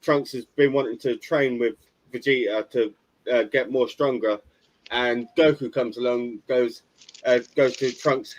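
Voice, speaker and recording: A man's voice: mid-range voice, fairly even intonation, measured pace, rough recording. A man co-hosting a casual podcast chat, chatty and a bit hesitant. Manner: chatty, hesitant with fillers, laughs at jokes. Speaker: podcast co-host.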